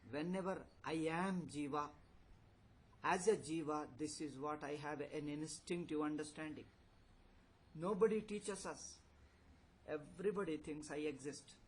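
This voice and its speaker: A man's voice: fairly high pitch, fairly even intonation, unhurried, rough recording. A man giving a philosophy lecture as a swami, using rhetorical questions and repeating key points. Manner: rhetorical questions, repetition, chuckles. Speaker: swami teaching a scripture class.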